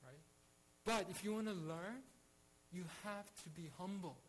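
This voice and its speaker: High-voiced man teaching a Bible study. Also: measured pace, rough recording. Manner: earnest, many restarts and rhetorical "right?".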